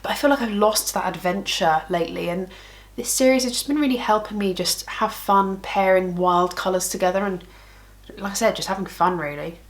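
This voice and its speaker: A chatty woman talks through her makeup in a casual vlog, thinking aloud and breaking into giggles. Her voice sits at an everyday middle pitch. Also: brisk. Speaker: makeup vlogger. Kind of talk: casual makeup tutorial chat.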